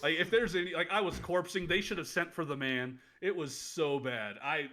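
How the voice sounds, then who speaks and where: A man in his late thirties with a slightly high voice tells old stories from his wrestling days in a loose, rambling way. He keeps cracking up as he talks in a casual podcast chat. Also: moderate pace, fairly bright tone. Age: late 30s. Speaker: podcast co-host, former wrestler.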